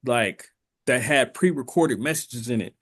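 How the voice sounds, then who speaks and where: A man's voice: medium pitch, a little slow, a bit bright. A man co-hosting a podcast, chatting casually and telling profane stories full of comic voices. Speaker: podcast co-host. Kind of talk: casual chat.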